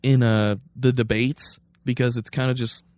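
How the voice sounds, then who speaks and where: Man, podcast co-host, ranting political chat, middle pitch, dry close sound. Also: moderate pace, dry recording. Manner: animated, ranting, mocking impressions.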